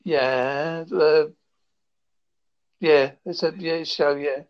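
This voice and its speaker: A man's voice: a little high, steady tone, drawn-out words, smooth. Man, from England, casual chat, jokey, does goofy voices, muffled lo-fi audio. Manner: jokey, slips into silly voices and impressions.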